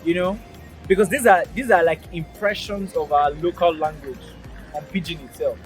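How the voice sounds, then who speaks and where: A man's voice: fairly high pitch, moderate pace, faint music behind. A man with a Nigerian accent, hosting a casual outdoor language lesson, upbeat and emphatic, patiently repeating phrases. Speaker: pidgin teacher, channel host. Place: outdoors beside a busy road.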